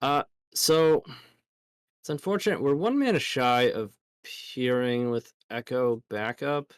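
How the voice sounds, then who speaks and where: A man's voice: mid-range voice, expressive, slow, clear, resonant tone, no room sound, studio quality. A tired man discussing card game plays in a casual chat, thinking aloud in a hesitant way. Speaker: guest player in a card game.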